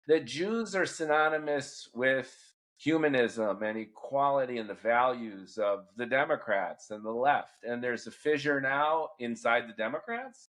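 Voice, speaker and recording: A middle-aged man hosting a podcast, asking long, thoughtful questions at a measured pace. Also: medium pitch, a bit bright. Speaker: podcast host. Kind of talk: interview questions and commentary.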